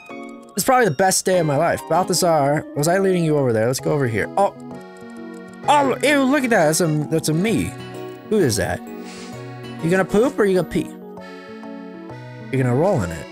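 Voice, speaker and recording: A woman giving casual gameplay commentary, sarcastic and playful, chatting to a virtual puppy. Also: low-pitched.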